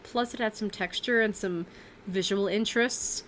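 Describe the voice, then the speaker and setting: Woman streamer, chatty and rambling, mid-pitched voice, faint hiss behind her. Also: a little fast, fairly bright tone. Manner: rambling, chatty, many fillers and self-corrections; laughs often. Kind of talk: casual livestream chat.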